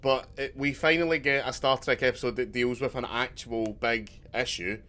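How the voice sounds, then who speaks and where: A man's voice: medium pitch, fairly even intonation, moderate pace, pushed and bright. A man co-hosting a podcast in casual chat, rambling, losing his thread and swearing freely. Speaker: podcast co-host.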